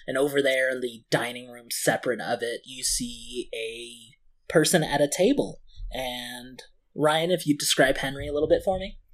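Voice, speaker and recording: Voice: mid-range voice, moderate pace. A game master narrating a tabletop game, playful and often laughing.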